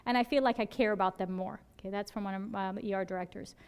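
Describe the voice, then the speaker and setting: Fast-talking woman physician lecturing. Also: mid-range voice, clear, resonant tone. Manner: conversational, peppers points with "right?"; animated storytelling with quoted dialogue. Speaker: emergency physician lecturing to doctors. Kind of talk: conference lecture.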